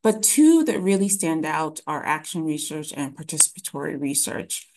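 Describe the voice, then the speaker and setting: A woman presenting an academic lecture in a webinar, explaining ideas in a measured way with frequent ums and restarts. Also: sits low, big pitch swings, darkish tone, slight background noise.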